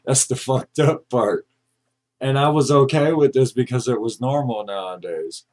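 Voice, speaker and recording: A man's voice: mid-range voice, normal speed, a little mellow. A man co-hosting a podcast in casual chat, ranting and joking with a lot of swearing. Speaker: podcast co-host.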